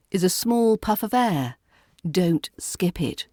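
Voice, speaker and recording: A woman's voice: fairly low pitch, lively intonation, slow, mellow, no room sound, clean studio sound. A woman with a British RP accent, teaching pronunciation as an accent coach in a playful, dryly witty scripted voice-over, whispering some of her sound demonstrations.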